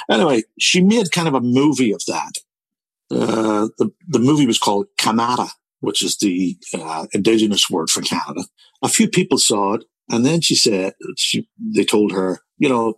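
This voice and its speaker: A man's voice: fairly low pitch, creaky, a bit bright, breathy edge, no room sound, rough recording. A man in his sixties with a Northern Irish accent, telling a long personal story as a guest, rambling and repeating words. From Belfast, Northern Ireland. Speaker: interviewee. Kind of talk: storytelling conversation.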